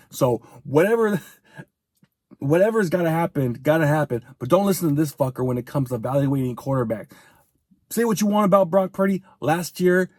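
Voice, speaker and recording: Man commentator, angry fan rant, swears a lot, slightly high voice, dry close sound. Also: a little mellow, no room sound. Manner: profane, fired-up, rapid-fire venting.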